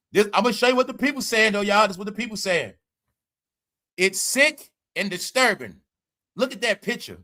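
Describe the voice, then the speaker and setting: Guy on a livestream going off, high bright voice, cussing and cracking up. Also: very animated, moderate pace, pauses often. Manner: loud, laughing, profane, repeats "all right?". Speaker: commentary livestream host. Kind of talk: casual livestream commentary.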